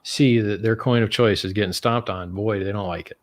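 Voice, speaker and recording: A man talking as a guest on a live stream, animated and profane, laughing at how absurd things get. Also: on the low side, fairly quick. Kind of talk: casual chat on a live stream.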